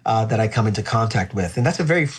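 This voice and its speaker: A man who is a pastor, speaking earnestly and reflectively in an interview about faith, slowing down to stress key phrases. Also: fairly low pitch, animated, husky.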